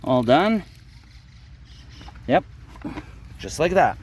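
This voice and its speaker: A man's voice: a little high, sing-song, extremely slow, a little hiss or hum. Chatty Canadian man vlogging outdoors. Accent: Canadian English. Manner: chatty, rambling explanations. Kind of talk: casual vlog narration. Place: outdoors at a country garden plot.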